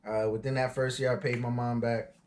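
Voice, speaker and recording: A man's voice: mid-range voice, level tone, brisk, a little mellow, a little hiss or hum. A man of forty, an auto transport business owner, tells his story in a loose, conversational way with frequent fillers and asides. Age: 40s. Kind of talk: casual storytelling.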